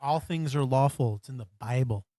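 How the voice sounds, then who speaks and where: A man's voice: medium pitch, moderate pace, dark tone, dry recording, studio quality. A man co-hosting a casual beer podcast, joking around and swearing freely. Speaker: podcast co-host. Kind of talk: casual beer-tasting chat.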